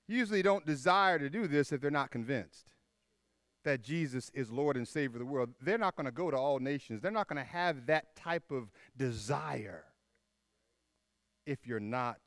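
A man preaching a sermon, emphatic and repeating his key phrases, dropping to a hush on the final words. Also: medium pitch, expressive, a little slow, no echo, studio quality.

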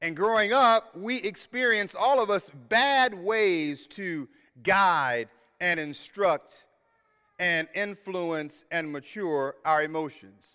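A man preaching an earnest sermon as a pastor, repeating key phrases and loudly acting out the voices he quotes. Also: sits high, slow pace, clean tone. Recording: reverberant hall.

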